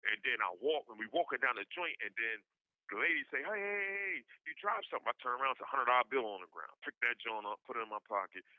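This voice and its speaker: A man's voice: mid-range voice, quick pace, no echo. A man telling a long anecdote in slangy casual talk, acting out everyone's lines with big jumps in his voice. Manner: slangy, loose street talk. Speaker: podcast guest. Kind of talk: casual storytelling. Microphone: phone line. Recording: dull lo-fi prison phone call.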